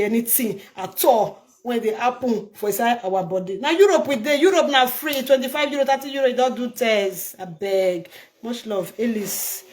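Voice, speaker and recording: A woman's voice: mid-range voice, dark tone. An older woman from Nigeria with a Nigerian Pidgin accent, talking straight to her viewers in a casual vlog, emphatic and pleading, often repeating herself. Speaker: vlogger. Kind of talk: casual direct-to-camera vlog.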